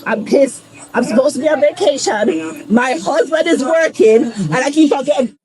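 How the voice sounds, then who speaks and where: A high-pitched woman argues with police, dismissive and defiant. She repeats herself and refuses to cooperate. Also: lively intonation, moderate pace, noisy background. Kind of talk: heated bodycam confrontation.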